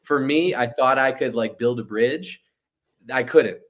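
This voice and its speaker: A man in his thirties speaks as a guest in a casual interview. He is an animated storyteller who acts out what others said, with a mid-range voice. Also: mid-range voice, unhurried. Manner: animated storyteller acting out quotes. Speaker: interview guest, entrepreneur and leadership coach.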